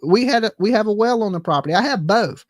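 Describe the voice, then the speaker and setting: A woman's voice: medium pitch, animated, fast, no echo. A woman ranting in casual chat, profane and exasperated, rambling with frequent restarts. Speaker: livestream host. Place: home.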